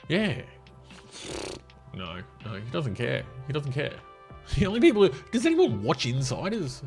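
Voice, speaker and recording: Australian man, casual commentary, blunt and sweary, lively swinging pitch. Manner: blunt, profane ranting. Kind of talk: casual commentary while scrolling a social media feed.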